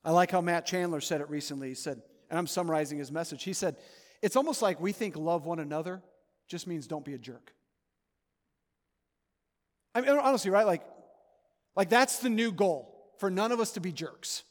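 Man, pastor, sermon, earnest, loud urging to hushed pleading, fairly high voice, long church reverb. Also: moderate pace, long pauses. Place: church sanctuary.

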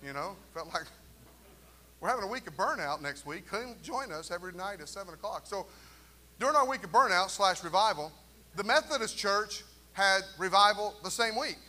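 Pastor guy preaching, high bright voice, jokey asides, lots of "right?" and "amen?". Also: normal speed. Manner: animated preaching with jokes and call-and-response asides. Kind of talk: sermon. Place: church sanctuary.

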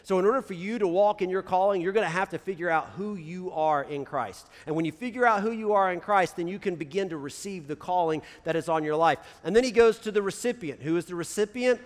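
Fast-talking pastor, high voice. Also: male voice. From United States. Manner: talks very fast, crams ideas together; casual, peppered with "right?". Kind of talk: conversational sermon. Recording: long reverb of a large hall.

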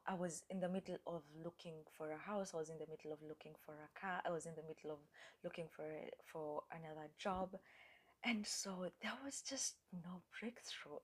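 A woman's voice: on the low side, darkish tone. Earnest young woman sharing a faith story. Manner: earnest, reflective, many fillers, drops to a whisper at times. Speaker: podcast host. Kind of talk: personal faith testimony, casual talk.

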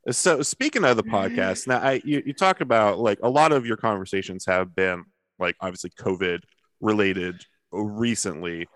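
Male podcast host, low-pitched, casual and filler-heavy, with a dry, close sound. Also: normal speed, a bit bright, no room sound. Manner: easygoing, questioning, filler-heavy.

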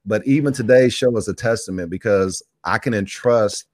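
Low-voiced man preaching to his church. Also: moderate pace, a little mellow, no echo. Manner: exhorting, repeats phrases, calls out to the room. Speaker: pastor. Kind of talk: preaching on a live church broadcast.

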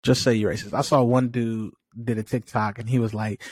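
A man's voice: on the low side, level tone, brisk, few pauses, dry recording. A man from California co-hosting a podcast, talking in a frustrated, conversational way and laughing often. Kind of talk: casual chat.

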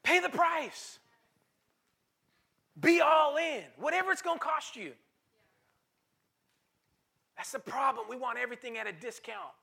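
Male pastor, high bright voice with gravel, emphatic sermon with repeated lines and calls to the crowd. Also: unhurried, pauses often. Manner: emphatic, repeats phrases for stress; calls to the congregation.

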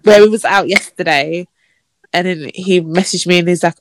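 A woman co-hosts a podcast at a moderate pace, her voice free of echo. She's chatty, telling stories and putting on a mocking high voice to act out messages.

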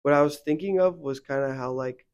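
The young faith podcast co-host talks fairly quickly in a slightly high voice, and the recording sounds muffled. He wanders casually through his points with lots of fillers, getting heated when venting.

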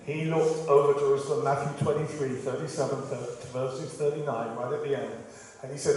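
A man from England preaching a sermon with animated scripture quotes and joking asides. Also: a little high, fairly quick. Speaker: pastor. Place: church hall. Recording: echoey hall, speaker far from mic.

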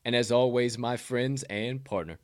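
A man's voice: mid-range voice, normal speed, no echo, clean studio sound. A man with a Southern accent co-hosting a casual sports betting podcast, loose and profane, with hyped sign-offs. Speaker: podcast co-host.

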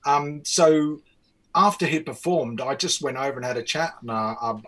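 A man with a New Zealand accent and a husky, slightly breathy voice. He tells his story loosely, with plenty of restarts and repeated words, in the easy way of a guest in an interview. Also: mid-range voice, moderate pace, low-quality recording. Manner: relaxed, rambling with many restarts. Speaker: music producer guest.

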